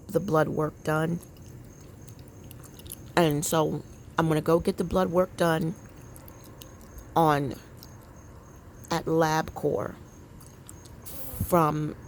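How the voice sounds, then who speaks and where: Woman, 50s, vlogger; low, gravelly voice; candid, rambling, confiding talk; faint crickets behind. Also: a little mellow, a little hiss or hum. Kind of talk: casual personal chat to viewers. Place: outdoor deck.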